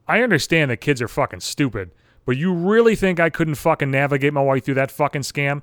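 Swearing nonstop, a young man vents crudely and with exasperation in a comedic rant on his podcast. His voice is on the high side with lively intonation and a slightly fast pace, captured at studio quality without echo.

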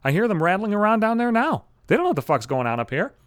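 This podcast host rants by himself at home into a studio mic, blunt and cursing constantly. His voice sits high and is very animated at a quick pace, with studio-quality sound and no room noise.

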